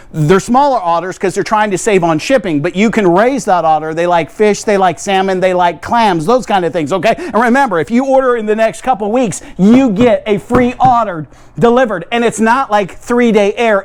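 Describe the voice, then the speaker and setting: A man from the United States hosting a playful product review vlog from his garage, rambling with tongue-in-cheek claims and checking in with viewers. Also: high-pitched. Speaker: video host reviewing coolers. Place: home garage.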